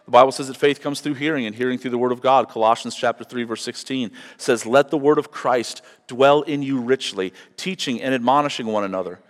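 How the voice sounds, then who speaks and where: A man's voice: medium pitch, fairly quick, hardly any pauses, long reverb tail. A man preaching a sermon as pastor, earnest and emphatic, often checking in with the room. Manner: earnest, emphatic on scripture, asks the room "okay?".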